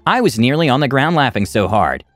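A man's voice: medium pitch, sing-song, brisk, a bit bright, dry recording, faint music behind. A man narrating a reddit revenge story, reading out the character tags as he goes.

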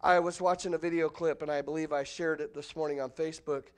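Pastor, middle-aged man, somewhat high pitch, lively expository sermon delivery. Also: fast. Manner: animated preaching, voice jumps high and loud when acting out quotes. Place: church sanctuary.

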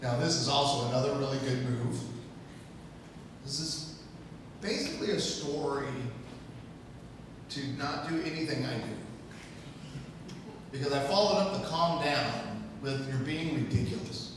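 A man's voice: mid-range voice, unhurried, pauses often, noisy background. Humorous man preaching in an echoing hall. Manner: humorous, self-mocking storytelling. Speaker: guest speaker. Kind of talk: sermon storytelling. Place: church sanctuary. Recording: echoey hall, distant mic.

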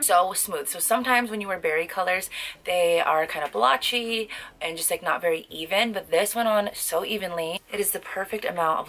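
A woman's voice: on the low side, vocal fry, fairly bright tone, poor audio. A young woman beauty vlogger gushing over lipsticks in a casual review at home, recorded on a camera mic and peppered with "like". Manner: bubbly and gushing, heavy use of "like".

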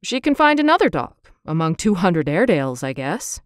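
A woman voicing a wealthy, kindly old grandfather who speaks quickly and decisively in a storybook reading. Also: lowish voice, very animated, dry recording, studio quality. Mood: firm. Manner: quick, decisive, gently warm.

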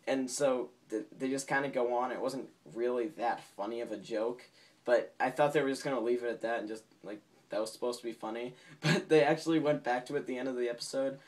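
A man vlogging a casual, rambling recap of a cartoon episode. He laughs often, uses many fillers and restarts, and acts out quotes in a high voice. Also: steady tone, fast talker. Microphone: home camera mic.

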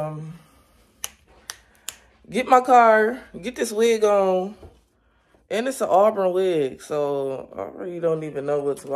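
A young vlogger with a low, somewhat mellow voice chats casually with her viewers from indoors at home. She talks directly to a camera set up on a stand.

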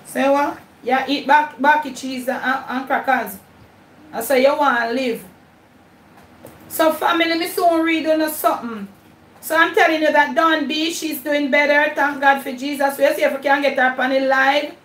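A woman's voice: high voice, steady tone, normal speed, a bit bright, reverberant, far from the mic, rough recording. A Jamaican woman hosting her cooking channel live, chatting casually with viewers in a mix of patois and English while she cooks. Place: home kitchen.

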